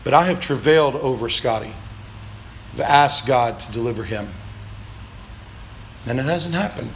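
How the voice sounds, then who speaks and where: A man pastor preaching a sermon in a church, calling for answers from the congregation, swinging between loud, shouted pleas and low, quiet reflection. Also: expressive, normal speed, slight background noise. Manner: preaching with call-and-response, rising to shouts then dropping low. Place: church sanctuary.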